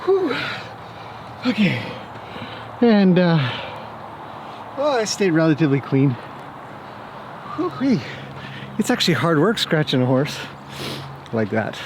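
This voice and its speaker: A man's voice: on the high side, very animated, slow pace, long pauses, background noise. A man working as a horse trainer, chatting casually and joking as he talks to his horses outdoors. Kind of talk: casual vlog talk to camera and horses.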